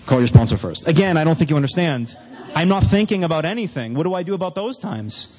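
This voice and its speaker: Male recovery speaker, slightly high pitch, candid and self-deprecating, addressing a meeting hall with long reverb. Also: lively intonation, quick pace, darkish tone. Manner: candid, self-mocking storytelling.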